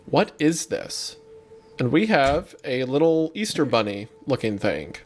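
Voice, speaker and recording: A man's voice: medium pitch, unhurried, faint music behind. A man with a Southern American accent hosting a comedy podcast, reading stories aloud and breaking off for laughing asides. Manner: animated, laughs often, reads aloud with asides. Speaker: podcast host. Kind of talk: casual comedic story reading.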